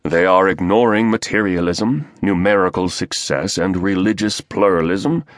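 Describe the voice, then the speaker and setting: A man voicing a smug, scheming male conspirator with a British accent and a baritone voice, measured and sneering. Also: steady tone, no echo, clean studio sound, lightly acted.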